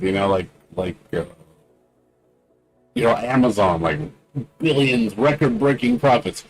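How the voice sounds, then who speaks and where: A man with a fairly low voice rants during a game livestream, indignant and circling back to the same points. He leans on fillers and repeats himself as he vents. Faint game music plays behind him. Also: expressive, moderate pace, a little mellow, rough recording. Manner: indignant, repetitive, many "you know" fillers. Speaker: game streamer. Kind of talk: casual rant during a livestream.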